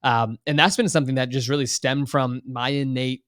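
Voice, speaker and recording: A man's voice: medium pitch, steady tone, brisk, a bit bright, dry recording. A young man in his twenties talks with eager energy as a podcast guest. He rambles in long sentences full of "like" and "you know". The recording is dry and close. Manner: enthusiastic, long-winded, heavy on "like" and "you know". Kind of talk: casual interview talk.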